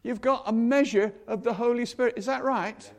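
A man's voice: very high-pitched, steady tone, normal speed. An older man giving a chatty sermon, acting out the people in the stories. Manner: chatty, acts out quotes in voices. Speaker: preacher.

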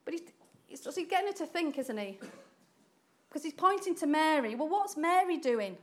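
A woman preaching a sermon in an animated way, acting out quoted voices and laughing often. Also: high voice, moderate pace.

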